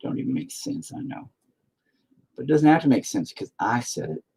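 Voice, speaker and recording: A man's voice: medium pitch, sing-song, normal speed, gravelly, darkish tone, husky. A man rambling to himself while painting, profane and self-deprecating. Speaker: painter talking to camera. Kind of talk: rambling casual monologue.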